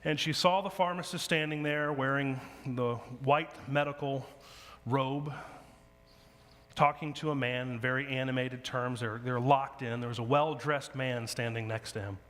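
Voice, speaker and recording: Preacher telling a story in a reverberant hall. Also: male voice, mid-range voice, moderate pace. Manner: animated storyteller acting out dialogue. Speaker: pastor. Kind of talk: sermon storytelling.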